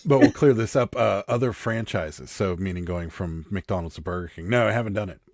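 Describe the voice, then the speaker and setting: A man's voice: sits low, brisk, darkish tone, dry recording, clean studio sound. A man hosting a live stream, chatting casually and joking as he reads viewer comments, with a Western Pennsylvania accent. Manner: rambling, joking, wry.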